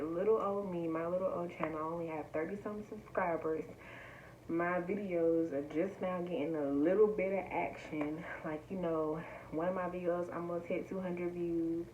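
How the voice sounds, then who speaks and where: Young woman vlogger, lower voice, bubbly and chatty, muffled home audio with faint hiss. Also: moderate pace. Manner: excitable, chatty, talks straight to viewers. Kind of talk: casual unboxing chat to camera.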